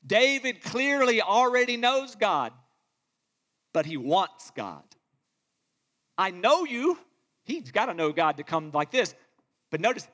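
High-voiced preacher in an echoing hall. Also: male voice, very animated, slow pace, long pauses, fairly bright tone. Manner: impassioned, reads scripture aloud, acts out quoted voices. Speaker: pastor. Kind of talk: sermon. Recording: long reverb of a large hall.

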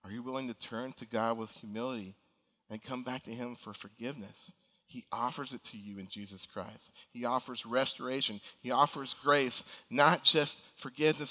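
A man's voice: medium pitch, pushed and bright. A man preaching a sermon as pastor, earnest and emphatic in his appeals. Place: church sanctuary. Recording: long reverb of a large hall.

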